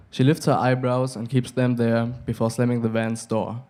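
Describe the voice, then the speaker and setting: Young male reader, relaxed narration, average pitch. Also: normal speed, few pauses. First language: German. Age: young adult. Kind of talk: literary reading. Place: live reading event.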